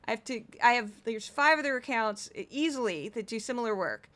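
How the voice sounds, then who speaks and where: A woman's voice: a little high, expressive, a little fast, a bit bright. A woman from St. Louis hosting a podcast, ranting with exasperation about petty critics and reading news items. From St. Louis, USA. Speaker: podcast host. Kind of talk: casual commentary.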